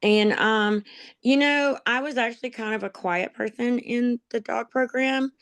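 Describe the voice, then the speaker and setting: A woman's voice: fairly high pitch, measured pace, clean tone, no echo. Woman, interview testimony, rambling storyteller, lots of ums, laughs at herself, emotional, dry close mic. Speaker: interviewee, dog program graduate. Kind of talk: personal testimony, conversational storytelling.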